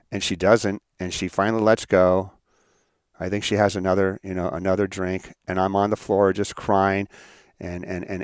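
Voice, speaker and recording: A man telling a painful personal story in a motivational talk, halting and repeating words as he speaks heartfelt. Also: fairly low pitch, dry recording, clean studio sound.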